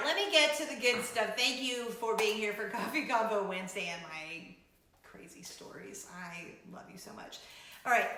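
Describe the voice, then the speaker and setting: A bright, high-voiced woman in her forties tells a story to camera with big swings of pitch, laughing as she goes. Her voice rings around a very echoey room. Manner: animated, laughing, dramatic retelling. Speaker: vlogger host. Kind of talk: casual storytelling vlog.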